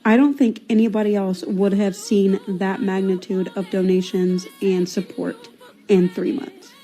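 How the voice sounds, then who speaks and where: A woman's voice: medium pitch, level tone, measured pace, warm tone, soft background music, low-quality recording. A woman speaking earnestly and emphatically in a personal video monologue, slightly tearful.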